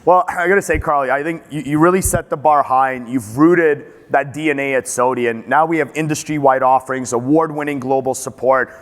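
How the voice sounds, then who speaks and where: A man's voice: medium pitch, brisk, hardly any pauses, long reverb tail. A man hosting an interview, reacting encouragingly and asking follow-up questions. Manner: encouraging, chiming in with short reactions. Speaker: interview host. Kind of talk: conversational interview.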